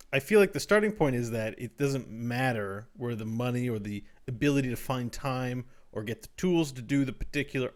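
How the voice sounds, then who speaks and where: Man, podcast co-host, casual chat, joking banter. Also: medium pitch.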